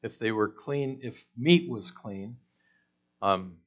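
Slow-talking man preaching a sermon. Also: fairly low pitch, fairly bright tone, dull audio. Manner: conversational, asks the listeners questions, acts out quoted voices.

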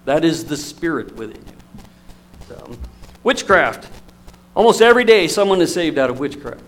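A man preaching a sermon, telling stories in an emotional, storytelling manner with lively swings in loudness. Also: a little high, normal speed, soft background music, rough recording.

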